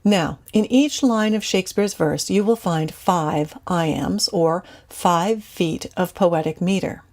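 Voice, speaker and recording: A woman teacher giving a scripted, measured lecture to students. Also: fairly low pitch, a little mellow.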